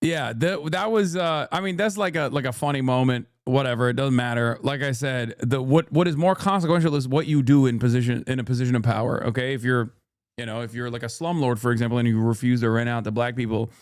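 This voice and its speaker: A man's voice: mid-range voice, fast talker, no room sound, studio quality. A man hosting a live stream who reacts to clips with blunt, profane rants. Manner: blunt, profane, restless ranting. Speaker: streamer host.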